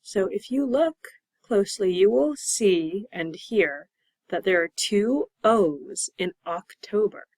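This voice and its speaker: Woman ESL teacher, patient, slow repetitions, dry close sound. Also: medium pitch, expressive, a little mellow, dry recording, low-quality recording. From Pennsylvania. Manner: patient, drawn-out repetition of words. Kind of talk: slow, clear classroom explanation.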